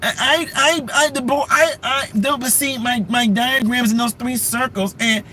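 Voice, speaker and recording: A man's voice: extremely high pitch, steady tone, normal speed, sharp tone, a little hiss or hum, voice pushed up, low-quality recording. A man mocking a flustered, stammering woman politician. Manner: stammering, repeating words.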